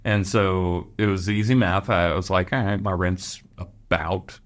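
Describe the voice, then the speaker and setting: A Los Angeles clothing store owner guests on a podcast, sharing rambling, animated anecdotes and laughing often in this casual storytelling interview. He has a deep voice and speaks a little slowly.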